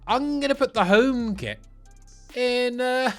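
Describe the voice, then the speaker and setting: A man's voice: slow pace, vocal fry, smooth, soft background music. A man giving blunt, crude, sarcastic commentary while ranking football kits. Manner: blunt, crude and sarcastic, with big swings in pitch. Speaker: football kit reviewer. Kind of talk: comedic kit ranking commentary.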